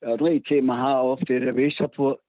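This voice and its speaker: A man's voice: medium pitch, little pitch movement, fast talker, no room sound. A man calling in to a radio phone-in, chatting casually and laughing often between phrases. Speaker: phone-in caller. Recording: tinny phone line, dry.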